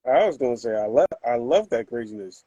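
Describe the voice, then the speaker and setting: Mid-pitched man guesting on a live chat; hesitant, soft, repeats himself. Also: animated, brisk, dry recording, dull audio. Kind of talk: casual livestream chat.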